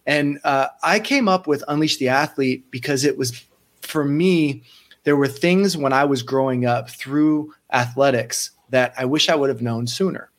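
Animated man telling coaching stories. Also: medium pitch, measured pace. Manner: animated, acts out quoted voices, frequent restarts. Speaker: sports psychology coach, podcast guest. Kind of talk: casual storytelling interview.

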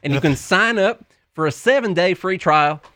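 A man's voice: high-pitched, expressive, normal speed, pushed and bright, no echo, clean studio sound. A man with a Tennessee accent, co-hosting a casual podcast and reading an ad in a folksy, joking way. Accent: Southern US (Tennessee). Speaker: podcast co-host. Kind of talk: casual chat and ad read.

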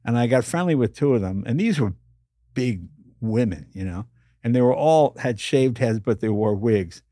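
As a guest in a storytelling interview, an older man with a mid-range voice speaks at normal speed, acting out the voices of the characters in his stories. His animated delivery comes through clean studio sound with no echo.

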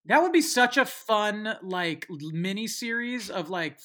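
Podcast host, male, high-pitched and bright, loose jokey banter. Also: animated, measured pace. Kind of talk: casual chat.

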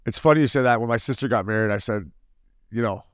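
Fast-talking man in his forties. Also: mid-range voice, no room sound, clean studio sound. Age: 40s. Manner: fast, animated storyteller who acts out quotes. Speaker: podcast co-host, former hockey player. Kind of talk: casual storytelling chat.

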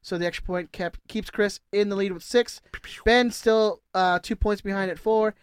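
A man with a high, smooth voice talks loosely and jokingly as a podcast co-host. He reads listener emails with a relaxed, easy manner. The sound is close and dry, with no room around it. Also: moderate pace, dry recording. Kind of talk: casual sports chat.

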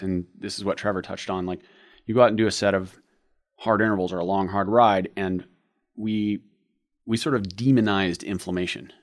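A man co-hosting a podcast, explaining training ideas at length with rambling analogies. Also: fairly low pitch. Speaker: podcast co-host. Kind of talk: casual podcast discussion.

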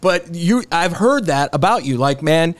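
A man hosting a casual podcast, excitable and quick to jump in, swearing freely. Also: fairly high pitch. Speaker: podcast host. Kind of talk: casual chat.

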